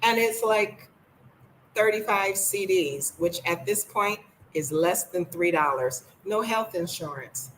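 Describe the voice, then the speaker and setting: A woman's voice: medium pitch, slow pace, fairly bright tone, slight background noise, low-quality recording. An older woman from the United States, blunt and sassy, chatting casually in a vlog from her home. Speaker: vlogger.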